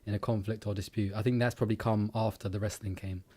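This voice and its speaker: A man's voice: on the low side, little pitch movement, fast talker, a little mellow. A man co-hosting a casual reaction chat, chatty, laughing often and reading definitions aloud. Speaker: co-host.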